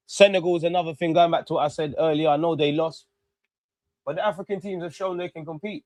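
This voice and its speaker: A young man talks through a match as it happens, urging players on and cursing the referee. His voice sits a little high. The sound is dry and close, with no room around it. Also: quick pace, no echo. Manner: excitable, talks to players and ref, swears. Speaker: football fan streamer. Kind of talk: live match watch-along commentary.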